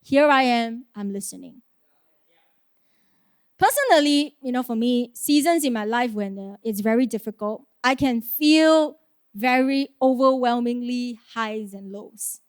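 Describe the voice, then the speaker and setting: A woman's voice: on the high side, unhurried, clear, resonant tone, no room sound, clean studio sound. A woman preaching a sermon in an earnest, conversational way, asking rhetorical questions and laughing lightly.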